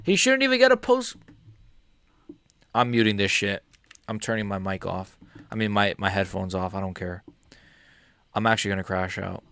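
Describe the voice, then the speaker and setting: A young man reacting live to a fight for his viewers, swinging between yelling insults and muttering in frustration, swearing heavily and talking to viewers by name. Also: lowish voice, no room sound, studio quality. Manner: swings between angry shouting and muttered grumbling, heavy swearing. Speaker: MMA streamer reacting live.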